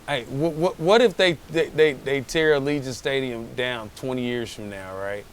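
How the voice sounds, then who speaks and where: A man co-hosting a casual sports podcast, laughing often and tossing in quick cursing interjections. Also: mid-range voice, a little hiss or hum. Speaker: podcast co-host.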